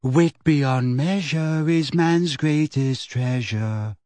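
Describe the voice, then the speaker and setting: Narrator voices a dreamy, odd storybook schoolgirl: slow, sing-song, softer and lower than his narration. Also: no echo.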